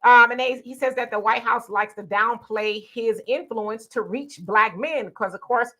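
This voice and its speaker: A woman hosts a live discussion of casual political commentary in a bright, forward voice pitched a little high. She talks loosely and conversationally, dropping in fillers and quoting people in quick asides.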